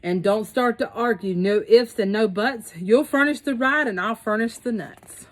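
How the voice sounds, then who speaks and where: A woman doing a bossy little bug, high and snappish. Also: moderate pace, close to an everyday voice. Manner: snappish, domineering, gloating. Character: bossy scheming male bug, small.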